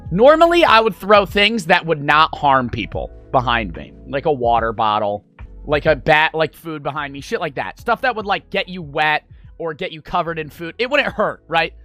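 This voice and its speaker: A man's voice: on the high side, big pitch swings, moderate pace, sharp tone, faint music behind. A young man streaming, telling a rambling, profane story to his chat. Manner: rambling, profane, full of fillers.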